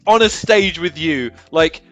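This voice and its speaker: A man, an interview guest, telling rambling, animated stories in casual chat and laughing often. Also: a little high, unhurried, soft background music.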